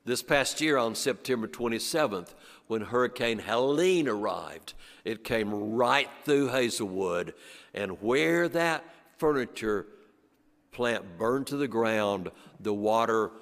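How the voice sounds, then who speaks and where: An older man from western North Carolina, telling a story to an audience in rhythmic repetitions that sink low and soft on the refrains. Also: animated, slow pace. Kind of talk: storytelling performance. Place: church sanctuary before an audience. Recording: long church reverb.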